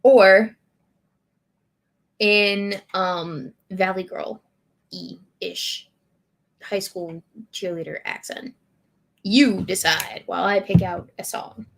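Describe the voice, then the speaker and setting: A woman streamer reading lyrics aloud in a deadpan way and chatting with her audience. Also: medium pitch, creaky, slight background noise. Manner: slow, deadpan lyric reading with bursts of laughter.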